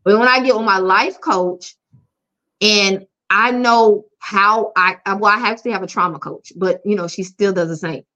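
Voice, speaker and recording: A woman's voice: mid-range voice, normal speed, pushed and bright. Frank, down-to-earth woman coach, lo-fi. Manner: frank and down-to-earth, speaks openly. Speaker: life coach, interview guest. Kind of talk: candid conversational interview. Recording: dull lo-fi audio.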